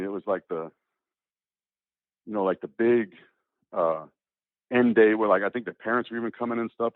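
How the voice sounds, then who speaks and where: A man telling a long story in casual chat, rambling and animated, with many restarts and acted-out quotes. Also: fairly low pitch, no echo. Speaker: interview guest. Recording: tinny phone-like line, dry.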